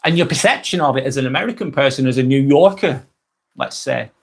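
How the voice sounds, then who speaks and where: A man's voice: medium pitch, lively intonation, a little fast, gravelly. A middle-aged man with a Lancashire accent hosting a casual live stream, chatting in a friendly way that repeats itself and trails off while reading out viewer comments. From England.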